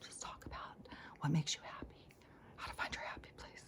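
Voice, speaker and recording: A woman putting on the hushed, breathy whisper of an affected spiritual guru to mock her. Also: sits low, completely flat delivery, quick pace, natural voice.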